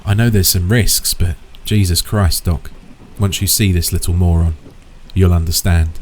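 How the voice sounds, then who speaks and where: A man's voice: low-pitched, fairly even intonation, normal speed, darkish tone, slight background noise, natural voice. A man voicing a wealthy, domineering middle-aged father who talks down to others with blunt contempt. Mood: callous. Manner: blunt, bullying, dismissive.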